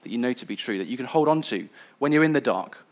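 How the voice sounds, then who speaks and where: A man's voice: mid-range voice, lively intonation, fast. A man giving a sermon in an earnest, conversational way. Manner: earnest, conversational, some restarts. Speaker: preacher.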